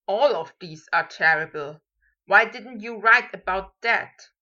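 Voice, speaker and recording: A woman's voice: mid-range voice, a little slow. A woman reading a fan story aloud, voicing a brusque, exasperated young man who snaps and then laughs, on a dull lo-fi recording. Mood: bemused. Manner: snapping, loud outbursts.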